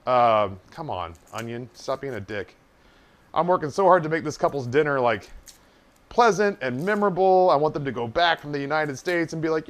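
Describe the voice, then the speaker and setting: Higher-voiced man telling a rambling story. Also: lively intonation, moderate pace. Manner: profane, rambling and self-deprecating. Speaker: streamer. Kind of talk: casual livestream storytelling.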